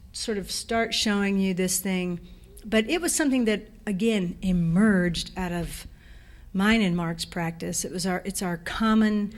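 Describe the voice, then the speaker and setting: A woman giving a guest lecture in a lecture hall, talking fast and energetically, correcting herself and chatting with the audience. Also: medium pitch. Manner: energetic, rushed, self-correcting, speaks to audience. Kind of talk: public art lecture.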